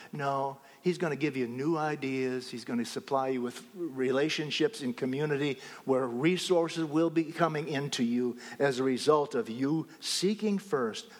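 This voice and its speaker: A fairly high-voiced man preaches a sermon, swinging between loud exclaiming and hushed whispers for emphasis. His voice carries a long reverb, as if he speaks in a large hall. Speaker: pastor.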